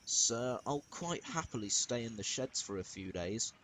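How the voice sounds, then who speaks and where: A man's voice: medium pitch, expressive, unhurried, a bit bright, slight background noise, rough recording. A man voicing a proud, impatient male steam engine in a fan-made storybook, impatient and then earnest.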